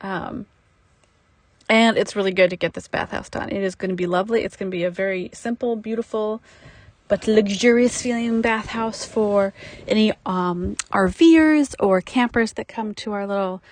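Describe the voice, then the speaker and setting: An American woman casually vlogs while working on a building project at her campground, narrating in a chatty, self-deprecating way from the outdoor building site. Her voice is mid-range at normal speed, on a dry recording with poor audio.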